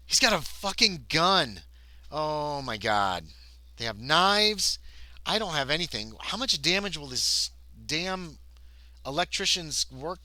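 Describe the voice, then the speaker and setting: In a dry recording, a man with a mid-range voice plays a tabletop horror game solo on a livestream. He chatters excitedly with chat, drifting and interrupting himself as he reacts to what happens.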